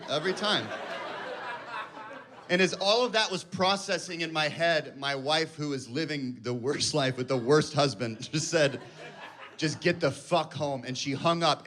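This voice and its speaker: A man's voice: fairly high pitch, sharp tone, slight background noise. Self-mocking man in his thirties, live stage. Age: 30s. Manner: rambling storytelling, self-mocking. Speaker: stand-up comedian. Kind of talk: stand-up comedy set. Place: comedy club stage.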